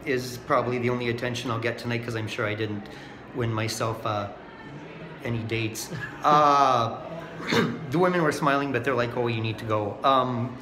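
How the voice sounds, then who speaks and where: A man's voice: medium pitch, fairly even intonation, normal speed, background noise. A man doing an open mic stand-up set in a bar, self-deprecating and quizzing the crowd, then chatting about how it went. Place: bar comedy night. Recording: echoey bar room, faint ambience.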